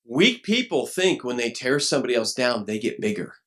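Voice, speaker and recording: Pastor guy preaching, pitch jumps all over, acts out little voices, gets shouty. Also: a little fast. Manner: animated, acts out quoted voices, rising to shouts. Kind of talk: sermon. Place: church.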